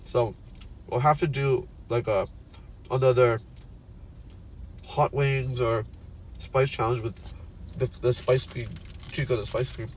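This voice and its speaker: A man's voice: mid-range voice, steady tone, slow, long pauses. A man from the Philippines hosting a chatty livestream while driving, laughing often and reading viewer comments aloud. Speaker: livestream host. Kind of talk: casual chat while driving. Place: inside a car in traffic. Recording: road and engine noise. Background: car and street noise.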